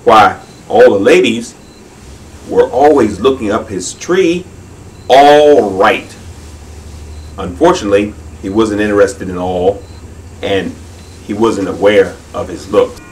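A man's voice: fairly low pitch, a little mellow, slight background noise. A man reading a children's story aloud in a leisurely way, drawing out his phrases, heard from a distance. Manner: unhurried, with leisurely drawn-out phrasing.

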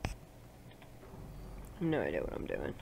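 Gravelly, lively woman cursing at a game. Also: extremely low pitch, normal speed, noisy background. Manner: talks to herself, swears and yells at the game. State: sick. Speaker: let's play gamer. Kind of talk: horror game commentary.

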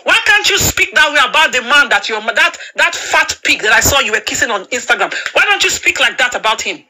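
A woman rants at full fury on a live phone stream. Her voice is piercingly bright and cutting, and she trips over repeated words as she hurls insults. A faint hiss sits under the phone audio. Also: high voice, sing-song, a little fast, poor audio. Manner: furious, insulting, stammering repetitions. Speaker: panel speaker. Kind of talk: angry live-stream rant. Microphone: phone on a live video panel.

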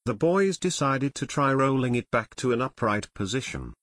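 A man reads a full-length adventure audiobook at a moderate pace, building suspense through expressive storytelling and a lively, widely moving pitch. His voice is at an ordinary middle pitch, captured close and dry with no room sound.

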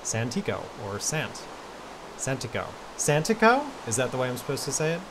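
A man hosting a casual gaming video, chatty and playful, reading out player messages and shouting now and then. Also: mid-range voice, lively intonation, fast talker, background noise. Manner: chatty and playful, bursts into yells. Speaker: Minecraft server host reading player messages.

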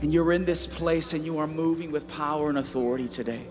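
A man's voice: a little high, quick pace, in a large hall. A man leading worship in a church, praying fervently and calling out to the congregation. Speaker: worship leader. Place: church sanctuary. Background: loud worship music.

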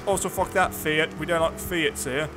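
Man, let's play commentary, sarcastic, chatty, fairly high voice, faint game music behind. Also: steady tone, moderate pace. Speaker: gaming video host.

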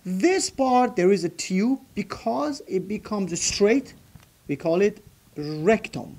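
A man's voice: high-pitched, expressive, slow, a little mellow. A man teaching anatomy to a live class, asking students questions and repeating key terms while writing on the board. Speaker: anatomy instructor. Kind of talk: classroom lecture.

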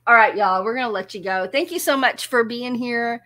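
This woman talks briskly in a voice on the high side as she recounts a story on her music channel. Animated and often laughing, she teases herself throughout.

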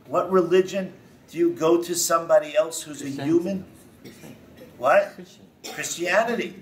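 Rabbi delivering a lively congregational lecture, higher-pitched man, picked up from across a synagogue hall. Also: measured pace, recorded from a distance, slight background noise. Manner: animated storytelling, rising emphatic repetitions.

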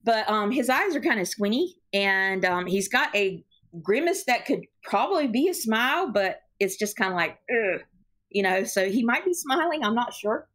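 A woman narrating as game master of a tabletop game, giggly and halting, with many fillers. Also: a little high, animated, fairly bright tone.

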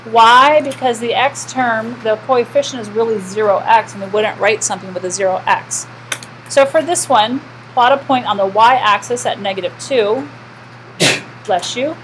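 A woman's voice: a little high, moderate pace, a bit bright, a little hiss or hum, low-quality recording. A woman teaching a math class, lecturing and asking the students questions she often answers herself.

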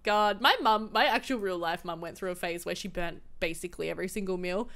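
A woman's voice: fairly low pitch, brisk, fairly bright tone. A young woman chatting casually as she comments on her own gameplay, exclaiming and laughing often. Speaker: gaming commentator.

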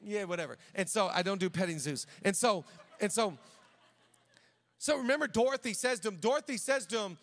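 A man's voice: high-pitched, lively intonation, brisk. A middle-aged man, a pastor, preaching a sermon in a casual, conversational way, breaking into personal stories with frequent restarts. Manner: conversational, many restarts, drops to quiet storytelling. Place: large church auditorium. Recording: long hall reverb.

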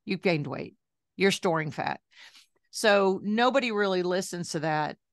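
A woman in her sixties, a journalist and health coach, telling her story in a chatty, lively interview style full of asides. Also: on the low side, measured pace, no room sound, clean studio sound. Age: 60s.

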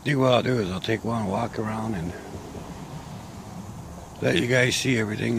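A man talking casually outdoors in a vlog, sounding sick and short of breath, slow and rambling with pauses. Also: lowish voice, vocal fry, noisy background. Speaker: vlogger. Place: outdoors in a garden grove.

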